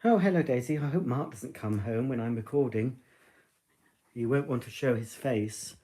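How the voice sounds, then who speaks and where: A man hosts a live stream from home in a rambling, chatty way. His voice is mellow and dark, and he keeps breaking off to talk to his dog. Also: mid-range voice, normal speed. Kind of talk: casual live stream chat.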